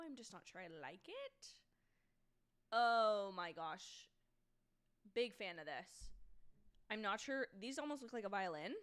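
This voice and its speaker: A woman's voice: on the high side, a bit bright. Young woman chatting on her stream from home, rambly and self-deprecating, keeps trailing off. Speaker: livestream host. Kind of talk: casual live watch-along commentary.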